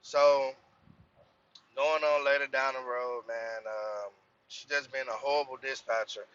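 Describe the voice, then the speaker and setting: A man's voice: mid-range voice, a little slow, clean tone, dull audio. A young man, a truck driver, telling a profane, heated story about his work in a casual rant. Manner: profane, animated, heated when quoting himself.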